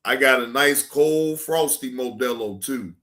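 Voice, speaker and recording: A man giving casual, animated reaction commentary as a streamer, breaking into shouts and laughter. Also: medium pitch, measured pace.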